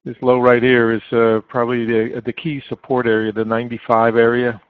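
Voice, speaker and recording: A man's voice: medium pitch, level tone, a little fast, clean tone, dry recording. A man giving live market commentary as a trading chat room moderator, coaching steadily with frequent fillers over a dry, phone-like line.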